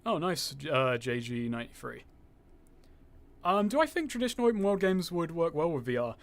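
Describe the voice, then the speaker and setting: A very animated young gaming streamer talks fairly quickly in a fairly high voice with noticeable vocal fry. Slightly posh-sounding, he chats casually with viewers, rambles, swears freely and reads chat aloud.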